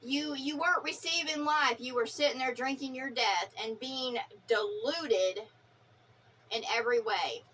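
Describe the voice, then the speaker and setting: A woman's voice: sits high, a little slow, sharp tone, a little hiss or hum. A woman vlogger delivering an impassioned, profane spiritual rant, fiery, preachy and defiant.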